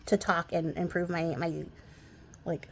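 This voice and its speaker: A gravelly, fairly low voice with little pitch movement belongs to a young woman from the western US who hosts a crafting channel. Speaking a little slowly over slight background noise, she rambles chattily about her crafts, laughing often and using many fillers, her West Coast accent touched by a mild Texas twang.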